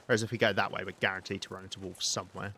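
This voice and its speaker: A British man live-streaming a survival game, talking calmly and softly to his chat while he plays. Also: low-pitched, racing, slight background noise. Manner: calm, soft-spoken, chatty with viewers.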